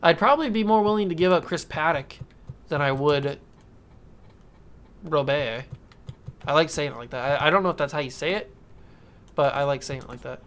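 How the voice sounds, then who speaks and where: A man's voice: a little high, quick pace, a bit bright. A man casually commenting while playing a baseball video game, talking to himself and coaxing the game. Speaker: gaming YouTuber. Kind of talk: casual let's-play commentary.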